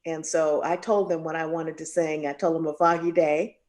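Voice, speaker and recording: A woman jazz singer being interviewed, telling a story with lots of voices for the people in it. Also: moderate pace. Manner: animated storyteller, acts out quoted voices with big pitch jumps.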